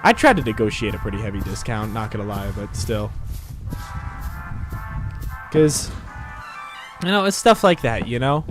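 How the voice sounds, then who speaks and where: A man's voice: lowish voice, sing-song, normal speed, long pauses, music in the background. A man chatting casually on a game livestream, rambling and apologetic, sounding tired. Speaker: game streamer.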